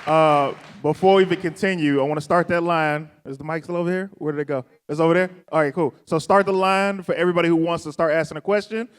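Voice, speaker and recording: An upbeat man with a high voice moderates a convention panel on a hall stage. He talks with animated energy, joking as he tells a story into a handheld mic. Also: fast talker, few pauses, clean tone, a faint crowd.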